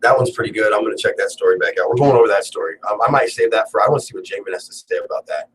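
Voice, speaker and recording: A man's voice: fairly low pitch, racing, far from the mic, rough recording. A young man hosting a casual solo talk show, rambling and joking and swearing freely. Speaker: cannabis talk show host. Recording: faint background noise, a bit off-mic.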